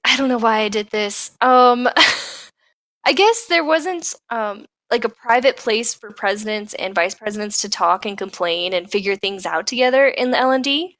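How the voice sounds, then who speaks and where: A woman's voice: on the high side, moderate pace, fairly bright tone, no echo. A woman hosting a casual online radio chat, joking and rambling with frequent giggles. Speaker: radio show host.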